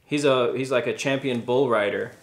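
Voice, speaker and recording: Chatty man from South Africa, roomy echo. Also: mid-range voice. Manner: upbeat, chatty, quick to laugh. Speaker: reseller vlogger, co-host. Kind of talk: casual chat.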